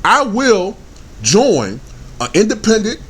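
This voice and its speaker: A man in his thirties with a high voice that leaps all over the place as he rants. He swears constantly and bursts into angry shouts. This is a fired-up, unscripted vlog tirade. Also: wildly swooping pitch, takes it slowly, husky. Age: 30s. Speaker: sports vlogger. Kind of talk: heated profane rant.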